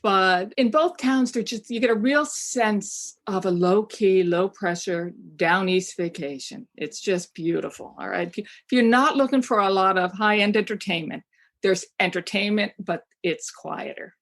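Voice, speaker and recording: A woman from Maine talks as a travel guidebook writer in a relaxed interview. Her speech is enthusiastic and chatty, full of small fillers and restarts. Her voice sits at an ordinary middle pitch. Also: moderate pace. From Maine, USA. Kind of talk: casual interview chat.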